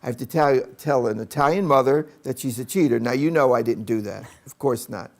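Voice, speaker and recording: An older man with a gravelly, creaky voice tells a personal story from his schooldays. He speaks like an educator at a mid pitch, in a loose, anecdotal style. He often stops to act out the people in the story. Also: brisk. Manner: anecdotal, with acted-out quotes.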